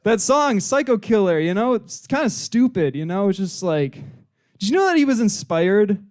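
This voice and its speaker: A young man with a fairly high voice does stand-up at a student club open mic. He rambles through crude bits, leaning on "you know" fillers and slipping into silly character voices. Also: very animated, moderate pace, a little mellow. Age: young adult. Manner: puts on voices for joke characters. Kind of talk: stand-up comedy.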